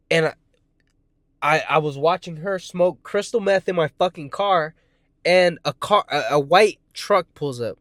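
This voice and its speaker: A man's voice: fairly high pitch, a bit bright, dry recording, studio quality. A man in his twenties telling a personal story in a casual, rambling way, swearing constantly and often correcting himself. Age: 20s. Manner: profane, rambling, frequent swearing; restarts and self-corrections.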